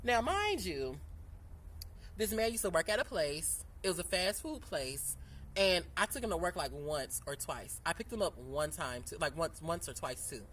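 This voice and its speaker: A woman vlogger telling a story in a casual, animated and profane way, sitting outdoors. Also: on the low side, normal speed, slight background noise. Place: outdoors in sunlight.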